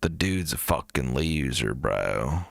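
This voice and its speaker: A man's voice: extremely low pitch, expressive, takes it slowly, vocal fry, fairly bright tone, no echo, studio quality. A man hosting a live music review stream, talking in a rambling, profane, jokey way. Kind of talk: casual livestream chat.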